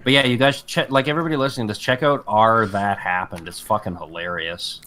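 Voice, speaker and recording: A man's voice: lowish voice, fast, pushed and bright. A man co-hosting a podcast in loose, profane chat who tends to lose his thread. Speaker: podcast co-host. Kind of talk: casual chat.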